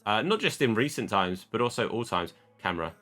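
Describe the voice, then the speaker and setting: A man's voice: on the low side, sing-song, fairly quick, fairly bright tone, faint music behind. A man casually chatting as he opens card packs, joking and scolding his camera for losing focus. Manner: chatty, self-deprecating, talks to his camera. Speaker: card opening host. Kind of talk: casual chat while opening card packs.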